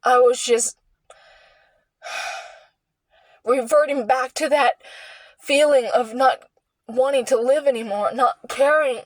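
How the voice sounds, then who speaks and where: A young woman speaks in a high voice, slowly and earnestly, as she shares a personal story. She sighs and breaks off mid-phrase as she searches for words. The sound is dry and close, with no room echo. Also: steady tone. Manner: earnest and heartfelt, with halting restarts and sighs. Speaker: vlogger sharing a personal story. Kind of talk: candid personal monologue.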